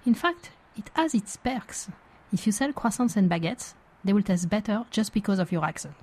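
Husky woman with a French accent. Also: mid-range voice, expressive, normal speed, a little mellow. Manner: chatty, wry and self-deprecating. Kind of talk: scripted personal radio piece.

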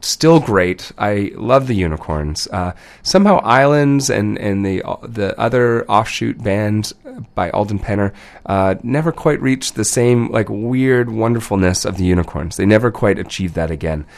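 Nasal, gravelly man with a cold. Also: on the low side, moderate pace. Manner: loose, rambling, self-correcting. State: has a cold. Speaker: radio DJ. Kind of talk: casual radio chat between songs.

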